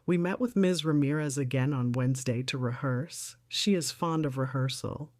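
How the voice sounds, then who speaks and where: A woman's voice: a bass voice, moderate pace, a little mellow, dry recording, studio quality. A middle-aged woman narrating her own story in the first person with a composed, wry, reflective delivery.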